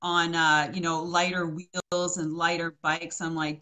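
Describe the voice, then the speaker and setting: A woman interviewing a guest, asking her questions in a relaxed, casual way with some fillers. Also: fairly low pitch, measured pace.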